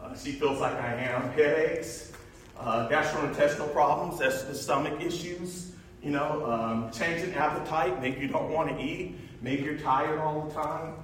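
A man gives an informal presentation, full of fillers and easy laughter. His voice sits a little high. The sound comes from far off in a very reverberant room with faint noise behind. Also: fairly even intonation, measured pace, fairly bright tone. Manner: chatty, laughs often, many fillers. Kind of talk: informal talk with slides. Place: large echoey room.

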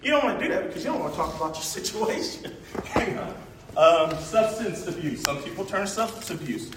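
A man gives an informal presentation, full of fillers and easy laughter. His voice sits a little high. The sound comes from far off in a very reverberant room with faint noise behind. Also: very animated, brisk. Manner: chatty, laughs often, many fillers. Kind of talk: informal talk with slides. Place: large echoey room.

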